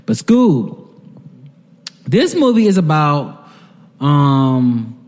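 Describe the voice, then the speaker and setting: A man's voice: fairly high pitch, sing-song, very slow, darkish tone, long reverb tail. A man co-hosting a podcast, retelling a TV episode in loose, profane, laughing casual chat. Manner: profane, rambling, laughs while retelling scenes. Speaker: podcast co-host.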